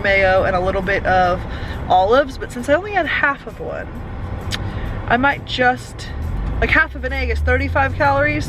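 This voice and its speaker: In a casual food diary vlog filmed at home, a woman rambles chattily about what she eats, using many ums and fillers. Her voice is on the high side, and there's background noise.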